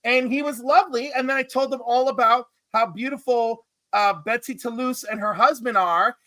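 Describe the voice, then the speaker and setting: A man co-hosting a casual comics chat, full of campy storytelling. His voice is bright and sharp, and he jumps way up in pitch when he acts out what people said. The sound is dry and close. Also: moderate pace, no echo. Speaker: podcast co-host.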